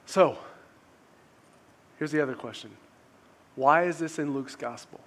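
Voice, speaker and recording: A man's voice: on the high side, unhurried, fairly bright tone. A male pastor preaching a sermon in a casual, conversational way, often restarting phrases and asking rhetorical questions.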